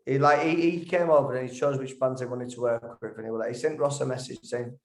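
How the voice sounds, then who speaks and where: A man with a Yorkshire accent, a musician guest telling a story in a rambling, animated way, often stumbling over his words. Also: medium pitch, fast talker. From Yorkshire, England. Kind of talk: casual storytelling. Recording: echoey room.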